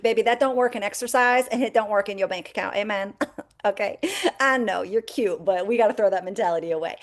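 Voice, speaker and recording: A woman with a fairly high voice coaches her sales team over a video call. She talks in a folksy, preachy way, scattering "okay" and "amen" through her pep talk. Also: fast talker, darkish tone. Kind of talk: live video call training.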